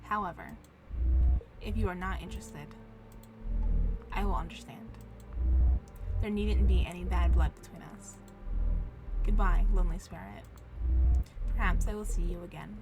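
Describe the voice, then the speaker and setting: A woman voicing a solemn, formal woman vampire ghost who speaks in measured, old-fashioned phrases, with game music behind. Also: fairly low pitch, fairly even intonation, lightly acted.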